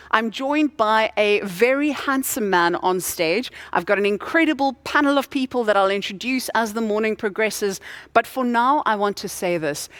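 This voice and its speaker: A woman's voice: medium pitch, no room sound. A woman in her thirties from Cape Town, hosting an awards event with a chatty, playful, storytelling delivery. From Cape Town, South Africa. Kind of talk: stage hosting speech.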